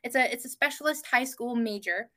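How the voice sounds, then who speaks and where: A young woman guesting on a podcast, telling family stories in casual chat with lively gasps. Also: a little high, a little fast. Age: young adult. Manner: animated storyteller, gasps and mimics family voices.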